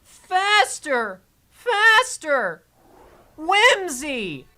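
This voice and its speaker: A man mocking a shrill whiny boy hero. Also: slow, sharp tone, full character voice. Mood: giddy whining. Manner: shrill mocking falsetto, crying out. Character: whiny giddy teenage boy hero, childish.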